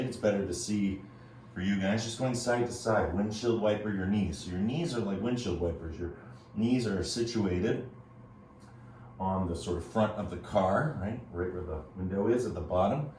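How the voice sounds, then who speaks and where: A man teaching a yoga class, calmly cueing breaths and movements with casual asides. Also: lowish voice, far from the mic, slight background noise. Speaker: yoga instructor. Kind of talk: guided yoga class instruction. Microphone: earbuds. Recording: very echoey room, voice off-mic.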